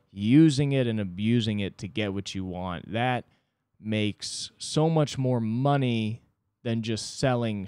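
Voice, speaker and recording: A man's voice: lowish voice, darkish tone, no room sound, clean studio sound. A man hosting a solo podcast, ranting casually and profanely at a microphone. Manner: casual, profane, rambling rant. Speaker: podcast host. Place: indoors, mowing heard outside.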